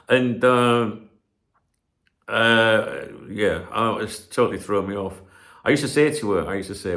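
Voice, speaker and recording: A man's voice: deep voice, creaky, fairly bright tone. A middle-aged man hosting his own channel, chatting casually at home, rambling, losing his train of thought and swearing freely. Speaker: channel host. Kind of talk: casual rambling chat to camera. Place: home room where he streams.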